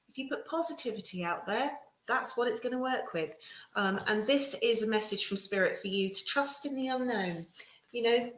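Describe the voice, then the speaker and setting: A woman giving a casual live tarot reading, reassuring and chatty with many pauses and restarts. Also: medium pitch, fairly bright tone. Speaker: tarot reader. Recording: echoey room.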